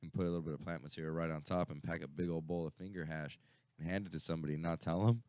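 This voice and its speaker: A man's voice: very deep voice, fairly even intonation, very fast, darkish tone, smooth, no echo, clean studio sound. A man co-hosting a casual radio chat, rambling and swearing, full of fillers and restarts. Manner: rambling, profane storytelling with many fillers. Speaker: radio show co-host.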